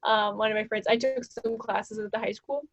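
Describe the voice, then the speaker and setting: Young woman podcast host, highish voice, chatty and giggly, dull dry lo-fi sound. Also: steady tone, fairly quick, no echo. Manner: chatty storyteller, giggles often. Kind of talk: casual podcast chat.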